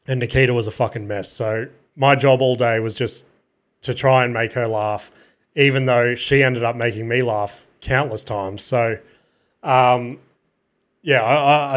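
Young man, podcast host, tired and low-key, mid-pitched, casual and sweary, trailing restarts. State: sleepy and low-spirited. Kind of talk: casual solo podcast storytelling.

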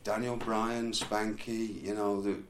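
A man's voice: fairly low pitch, little pitch movement, slow pace. A man telling a rambling, laughing story in casual chat. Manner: rambling, laughs through his stories. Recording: echoey room, faint background noise.

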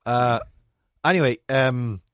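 An Irish man hosting a podcast, telling stories in animated casual chat with wry asides. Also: medium pitch, takes it slowly, clear, resonant tone, dry recording, studio quality. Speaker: podcast host.

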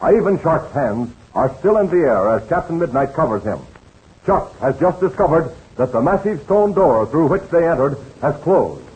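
A male announcer on a 1930s radio serial, friendly and melodramatic. His pitch is a little high and swings widely as he introduces each scene. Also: sing-song, normal speed, a little mellow, low-quality recording.

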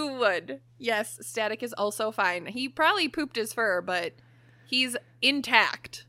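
A young woman co-hosting a podcast, telling a story in a lively way, swearing freely and laughing often. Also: fairly high pitch, measured pace, no echo. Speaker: podcast co-host. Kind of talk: casual chat, storytelling.

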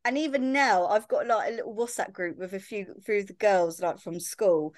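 A young woman from Sussex, England, appears as a podcast guest and tells stories in casual chat, constantly dropping in "like" and "I remember." Her medium-pitched voice moves at normal speed, recorded cleanly in a studio with no room sound.

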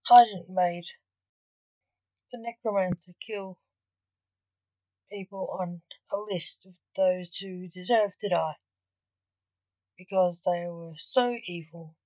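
A woman narrating a story in an even, measured reading. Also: on the low side, dry recording. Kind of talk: scripted narration. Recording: dull, dry recording.

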